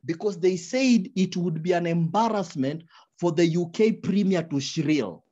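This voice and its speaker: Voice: medium pitch, measured pace, lo-fi sound. A speaker giving advice at a writing workshop, stumbling over repeated words and dropping into examples. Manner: animated, repeats words while searching for them, drops into quoted examples. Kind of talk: advice talk in a webinar.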